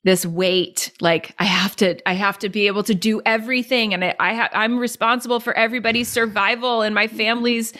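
Animated woman in casual podcast chat. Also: brisk, hardly any pauses. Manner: animated, acts out quoted voices with high pitch jumps. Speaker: entrepreneur and guest.

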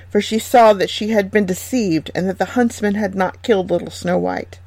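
Woman, storyteller, fairy tale reading, gentle and measured, slight vocal fry, close dry sound. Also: mid-range voice, no room sound. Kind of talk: fairy tale read aloud.

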